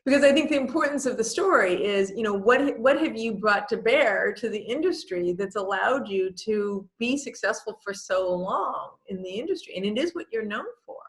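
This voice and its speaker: A woman's voice: medium pitch, lively intonation, moderate pace, few pauses. A woman hosting an interview, asking questions and affirming her guest's answers. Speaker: interview host. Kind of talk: conversational interview. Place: studio set for a TV interview. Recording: roomy echo.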